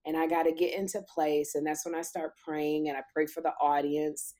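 Animated, breathless middle-aged woman host. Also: low voice, brisk. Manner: animated storyteller, acts out quoted voices. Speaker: talk show host. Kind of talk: casual chat.

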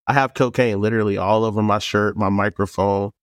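A former police officer telling a story in a casual, frank way, acting out the other people's lines in quoted voices. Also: male voice, lowish voice, fairly quick, dry recording, clean studio sound. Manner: animated, acts out dialogue in quoted voices.

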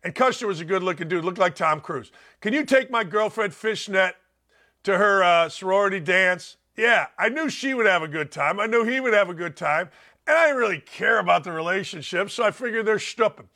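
On opinionated sports radio, an older man hosting a sports talk show delivers blunt, animated stories in a high, bright voice, performing the quotes as he goes.

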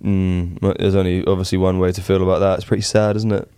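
Young man, unwell and low-voiced. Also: level tone, quick pace, dark tone, clear, resonant tone, no echo. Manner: blunt, swears freely. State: ill, coughing. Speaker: podcast co-host. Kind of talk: casual chat.

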